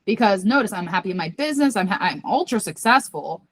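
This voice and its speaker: A woman guesting on a podcast as a psychic medium, telling a candid personal story in an earnest, confiding way and acting out the voices she quotes. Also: fast. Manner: earnest and confiding, talks about herself by name; animated, jumps high when acting out quoted voices.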